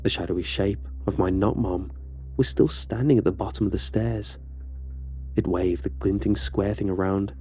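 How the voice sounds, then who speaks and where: A man's voice: lowish voice, animated, unhurried, pauses often, warm tone, slightly rough, faint music behind. A man narrating a horror story in a casual, conversational way.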